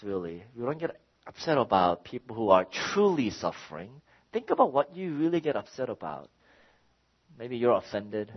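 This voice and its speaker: A middle-aged man, a pastor, preaching a sermon and telling a personal story in an animated way, acting out his own exasperation. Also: lowish voice, muffled recording.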